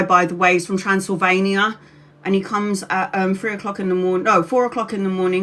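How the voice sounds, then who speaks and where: A tired woman, a tarot reader, telling a personal story to her livestream viewers in a casual, animated way, swearing freely. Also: lowish voice. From Brazil. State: exhausted.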